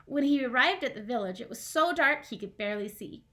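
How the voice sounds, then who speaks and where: A woman's voice: a little high, animated, brisk, sharp tone. A young woman, a first grade teacher at home, reading a storybook aloud and chatting with her class. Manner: chatty, asks the kids questions.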